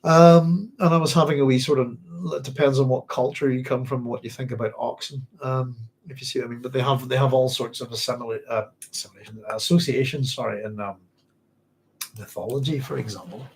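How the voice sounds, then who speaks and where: A man's voice: mid-range voice, fairly even intonation, brisk, slight background noise. A man with a Northern Irish accent hosting a casual book club stream, chatty and rambling, with plenty of fillers and restarts. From Northern Ireland. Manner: rambling, chatty, many fillers and self-corrections. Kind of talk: casual livestream book discussion.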